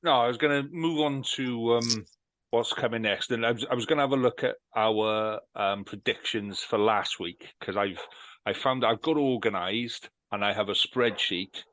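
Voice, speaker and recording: A man's voice: medium pitch, moderate pace, fairly bright tone, dry recording, rough recording. A man hosting a rugby podcast, chatting casually, joking and swearing freely as he runs through predictions. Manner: jokey banter, runs the segments, swears freely. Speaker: podcast host. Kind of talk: casual chat.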